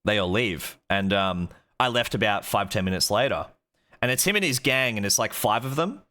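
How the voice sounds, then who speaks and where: Bright-voiced young Australian man telling stories. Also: fairly low pitch, expressive, moderate pace. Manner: rambling, lots of "like", swears freely. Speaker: streamer. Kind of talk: casual storytelling.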